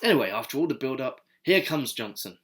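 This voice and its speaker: A man's voice: mid-range voice, very animated, fairly quick, fairly bright tone, husky. A man giving casual, digressive history commentary with wry asides. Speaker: video essayist.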